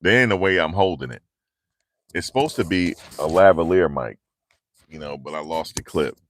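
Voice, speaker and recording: A man's voice: deep voice, lively intonation, normal speed. A man, chatting casually with viewers on a livestream, joking and answering comments, speaking into a handheld clip mic. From tri-state area around New York. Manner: loose, joking, reads and answers chat. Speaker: livestream host. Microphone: handheld lavalier mic.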